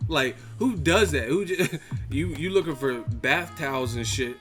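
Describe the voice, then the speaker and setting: A man's voice: on the high side, lively intonation, measured pace, fairly bright tone. Cast a male boxing stream host, heated and profane, faint music behind. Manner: profane, heated, laughing mid-sentence. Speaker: host of a boxing live chat. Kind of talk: live stream rant.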